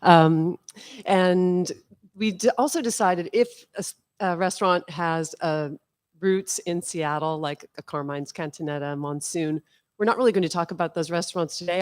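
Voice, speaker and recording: A woman guest on a food radio show who calmly explains how she and her friend planned their restaurant reviews. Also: lowish voice. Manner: measured, explanatory. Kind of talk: casual radio chat.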